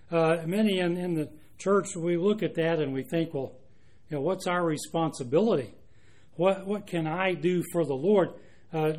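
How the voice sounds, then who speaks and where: A man preaching a sermon, earnest and unhurried, with frequent restarts and fillers. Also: a little high, darkish tone.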